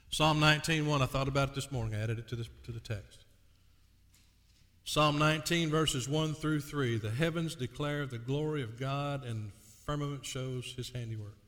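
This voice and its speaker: A male pastor preaching a sermon, reading scripture aloud and dwelling on key words with slow emphasis. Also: mid-range voice, a bit bright. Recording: long hall reverb.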